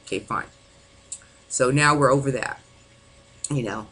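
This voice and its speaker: Husky, tense voice venting angrily. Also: mid-range voice, unhurried, bright, forceful tone, poor audio. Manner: angry, frequent swearing; rambling, many "you know" fillers. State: distraught. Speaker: vlogger. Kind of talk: venting personal monologue.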